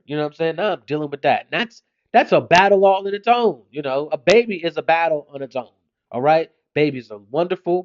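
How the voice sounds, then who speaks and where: A man's voice: sits high, dull audio. A man in his thirties, a father doing an exasperated comedic monologue about his kids.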